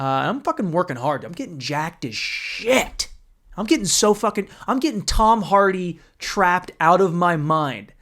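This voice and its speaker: Young male podcast host, solo comedic rant, profane and animated, slightly high voice.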